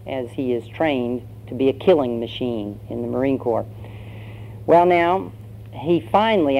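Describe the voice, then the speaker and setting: Male pastor, conversational storytelling sermon; muffled recording, faint hum. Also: medium pitch. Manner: conversational storytelling with fillers and acted voices.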